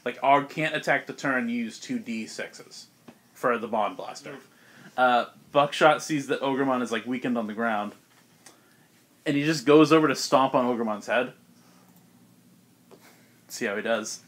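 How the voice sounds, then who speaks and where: A man's voice: medium pitch, fairly bright tone. Casual young man running a tabletop game. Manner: casual, laughs often, quick voice snippets for monsters. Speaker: game master. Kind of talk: narrating a tabletop game with friends.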